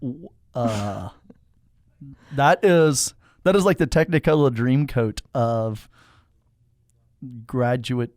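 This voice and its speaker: A man's voice: medium pitch, slow pace, pauses often, darkish tone, no echo, clean studio sound. A man, a priest, interviewing a guest in a joking, playful way, often trailing off mid-sentence. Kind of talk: casual chat.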